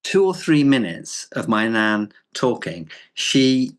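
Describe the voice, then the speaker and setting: A man co-hosting a podcast, talking in a reflective, measured way with frequent pauses and fillers. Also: mid-range voice, a bit bright. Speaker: podcast co-host. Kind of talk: casual chat.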